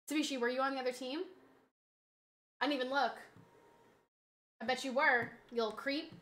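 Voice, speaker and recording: A woman game streamer chats casually with her viewers, teasing and joking as she reacts to the match. Her voice sits high and sounds bright and sharp, with a playful edge. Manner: playful, joking banter with chat, quick reactions to gameplay. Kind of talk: casual live-stream gaming chat.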